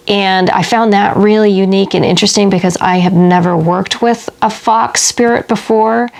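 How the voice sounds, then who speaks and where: A woman talking through a book she read in a casual vlog, reflective and meandering, often laughing at herself. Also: mid-range voice. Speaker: book reviewer.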